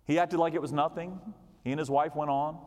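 A middle-aged man preaching a sermon, telling a story dramatically and swinging from loud shouts to quiet low asides. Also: fairly even intonation, brisk. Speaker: pastor. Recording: long hall reverb.

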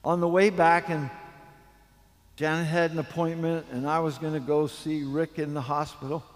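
A man preaching a sermon, telling a story slowly and building to fervent emphasis. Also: a little high, level tone, in a large hall. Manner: storytelling, slow and emphatic, rising to fervent peaks. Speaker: pastor.

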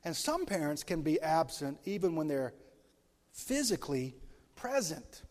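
A male pastor preaching a sermon in a lively way, putting questions to his congregation. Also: a little high, unhurried. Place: church sanctuary. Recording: long hall reverb from a church.

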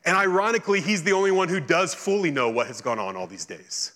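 A male pastor preaching a sermon, reading scripture and then retelling it in lively, casual speech. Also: high voice, fast talker, hardly any pauses.

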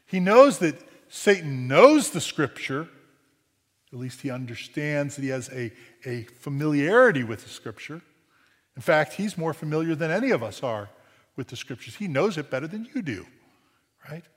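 A man's voice: on the high side, big pitch swings, normal speed, in a large hall. A man preaching a sermon in a conversational way, often asking "right?" and restarting phrases, with dry humor. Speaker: pastor.

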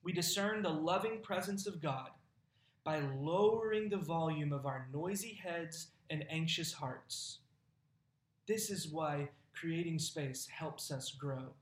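Man, pastor, sermon, conversational and folksy, slightly high pitch, reverberant church sanctuary. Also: measured pace. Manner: conversational, folksy preaching with laughs.

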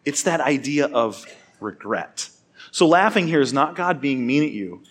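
A man preaching a sermon in an easygoing, conversational way. His voice sits in a middle pitch. He weaves a personal story into the teaching and speaks directly to the people listening. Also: very animated, measured pace, fairly bright tone. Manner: casual, chatty, laughs through his story.

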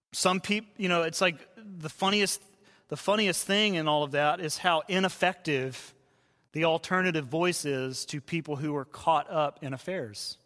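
A man who is a pastor, preaching a sermon in a conversational way and dropping to hushed tones for quoted voices. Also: fairly high pitch. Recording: long hall reverb.

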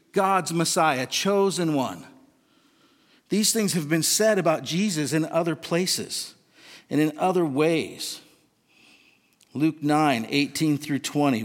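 A man preaching a sermon in an earnest, questioning, conversational way. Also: a little high. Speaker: pastor. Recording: long reverb of a large hall.

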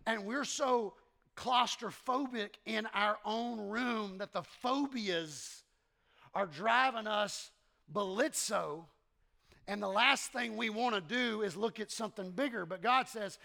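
A man preaching a sermon, animated and repetitive, leading the congregation in call-and-response in a church. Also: high-pitched, slow pace, gravelly. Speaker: pastor. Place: church sanctuary.

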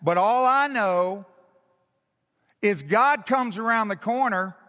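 High-pitched, slow-preaching male pastor. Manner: animated, acts out quotes with sudden swings in pitch and loudness. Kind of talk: sermon. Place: church sanctuary. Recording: long hall reverb.

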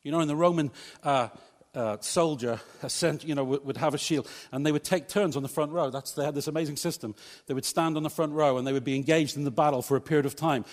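A man's voice: a little high, fast, hardly any pauses. Man preaching in a reverberant church. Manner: conversational, humorous asides to congregation. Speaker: pastor. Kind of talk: preached sermon. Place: church hall.

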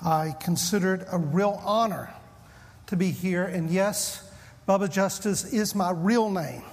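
A man's voice: sits high, unhurried, big-room sound. A man in his fifties with a Southern US accent, a pastor opening a sermon with folksy, self-deprecating stories. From Southern United States. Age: 50s.

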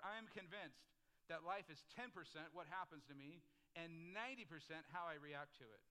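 A middle-aged pastor delivers a sermon in a loose, chatty way, full of asides and prompts for the congregation to answer. His voice sits high for a man and rings bright and forceful. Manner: conversational preaching with frequent "like" and call-and-response.

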